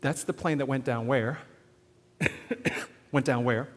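A man preaching to a live audience on sharing faith, animated, often asking the crowd questions and checking in with "okay?". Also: mid-range voice, measured pace. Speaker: evangelism speaker. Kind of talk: sermon-style teaching to an audience. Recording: long hall reverb.

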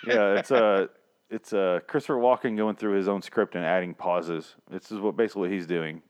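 A man's voice: low-pitched, brisk, smooth. A man co-hosting a casual movie-review podcast, swearing freely, rambling and laughing often. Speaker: podcast co-host.

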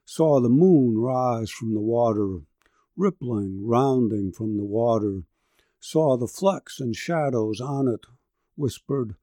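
A man narrating a long narrative poem in a measured, rhythmic verse delivery. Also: medium pitch, lively intonation, warm tone, no room sound. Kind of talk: narrative poetry reading.

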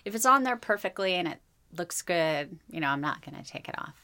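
A woman's voice: fairly low pitch, animated, fairly quick, pushed and bright. A woman guest on a podcast, chatting and telling stories with lots of giggles. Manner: giggly, rambling storyteller. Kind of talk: casual podcast chat.

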